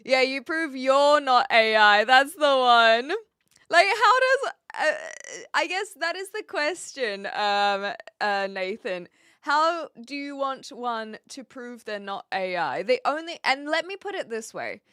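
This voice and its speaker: A woman's voice: sits high, very animated, slow pace, bright, forceful tone, clean tone, no echo, studio quality. A woman from New Zealand with a light Kiwi accent, chatting casually with viewers on a live stream, laughing often as she answers their messages.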